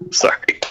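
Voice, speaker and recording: A man chatting casually on a sports podcast, laughing often and restarting his sentences. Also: background noise. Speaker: podcast guest.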